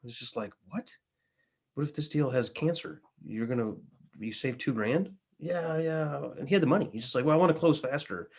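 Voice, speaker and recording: A man's voice: on the high side, moderate pace, darkish tone, slightly rough. Wry, joking male podcast host. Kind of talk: casual interview chat.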